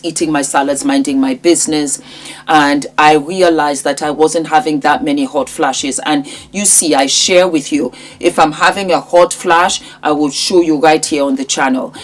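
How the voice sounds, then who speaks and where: A woman's voice: deep voice, fairly even intonation, measured pace. A woman in her fifties talking straight to her viewers in a vlog, emphatic and fond of repeating her phrases for effect. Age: 50s. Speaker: lifestyle YouTuber. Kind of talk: direct-to-camera vlog chat.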